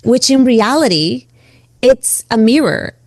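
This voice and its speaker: A woman co-hosting a conversational podcast, speaking in an earnest, reflective, expressive way. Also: a little high, takes it slowly, no echo. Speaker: podcast co-host and coach.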